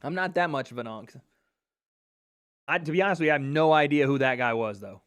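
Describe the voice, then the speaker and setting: A man with a fairly high, slightly bright voice that is clear and resonant hosts a casual livestream watch party at a brisk pace. Chatting into a dynamic mic, he jokes and swears freely as he gives live commentary.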